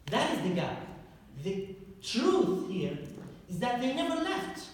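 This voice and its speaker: A man giving a public history lecture to a live audience. He is lively and often puts direct questions to the listeners. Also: extremely high pitch, slow. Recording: echoey hall recorded from far off.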